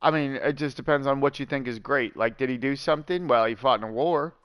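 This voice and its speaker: A man telling stories while he streams a game, chatty and rambling, full of fillers and asides to his viewers. His voice is smooth and clear at an ordinary pitch. The sound is close and dry. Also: fast talker, a bit bright, dry recording. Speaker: gaming streamer. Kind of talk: casual storytelling while gaming.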